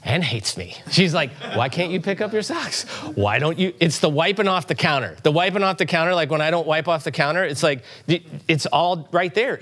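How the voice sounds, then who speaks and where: A middle-aged pastor preaching in a church sanctuary, his voice sitting a little high. He talks to the congregation in a loose, conversational way, slipping in asides and pushing his pitch up to stress each point. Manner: animated, conversational preaching with asides and rising emphasis. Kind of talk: sermon.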